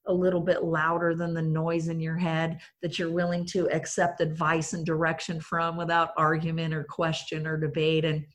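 A woman's voice: sits low, completely flat delivery, normal speed, few pauses. A woman sharing her recovery story at a meeting, self-mocking and funny, and she keeps addressing the room directly. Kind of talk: humorous personal testimony at a recovery meeting.

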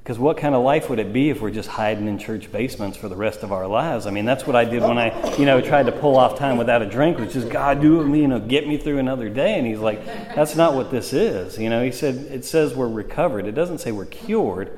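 A man with a mid-range, slightly mellow voice shares his recovery story at a meeting, talking briskly with hardly any pauses. His storytelling is casual and rambling with many fillers, and the room adds a long hall reverb.

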